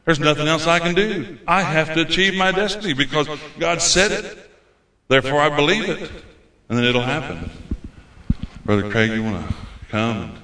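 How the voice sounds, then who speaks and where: A man's voice: fairly high pitch, normal speed, pushed and bright. A man preaching a fervent, folksy sermon as a visiting preacher, repeating his phrases for emphasis. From United States. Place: church hall. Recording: roomy church hall.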